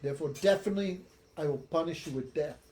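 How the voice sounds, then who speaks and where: A man's voice: on the high side, quick pace, a little hiss or hum, natural voice. Man playing a haughty, furious king. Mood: angry. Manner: sarcastic, then shouting threats. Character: arrogant, hot-tempered male king.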